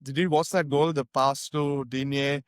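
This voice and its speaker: A man chatting about football on a podcast, excitable and full of fillers. His voice is recorded close and dry. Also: medium pitch, measured pace, smooth, dry recording. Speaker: podcast co-host. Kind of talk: casual football chat.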